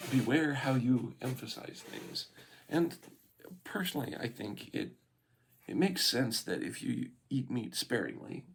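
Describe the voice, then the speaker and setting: Gravelly, husky man reading scripture. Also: mid-range voice. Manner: reads slowly, then muses with fillers and restarts. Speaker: scripture reader and commentator. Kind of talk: scripture reading and casual commentary.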